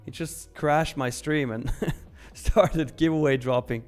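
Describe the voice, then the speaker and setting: A man's voice: a little high, slow, a little mellow, smooth. A young man hosting a live trading stream, chatting casually and upbeat as he reads viewer comments, laughing often and using slang.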